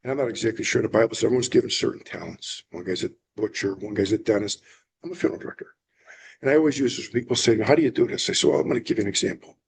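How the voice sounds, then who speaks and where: A man with a slightly husky voice talks quickly and plainly as an interview guest. He is a funeral director who explains his work with earnest conviction. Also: on the low side. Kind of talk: casual interview.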